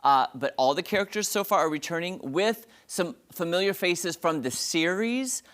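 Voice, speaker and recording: A man hosting an entertainment review segment on a morning TV show, talking in a gushing, dramatic, excited way. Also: sits high, moderate pace.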